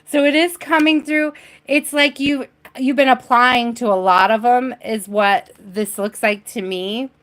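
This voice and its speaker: With hiccups interrupting her, a woman reads tarot on a live stream in her home reading space, chatting and giggling with viewers and with spirit. Her voice is on the high side, steady in tone, fairly bright, and a little slow.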